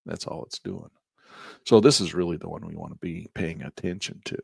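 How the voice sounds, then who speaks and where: A man teaching trading as he walks through a chart, in a folksy, animated way with slangy asides. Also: deep voice, a little fast, gravelly, breathy edge, dry recording, clean studio sound. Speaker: trading instructor. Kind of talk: chart-walkthrough lesson.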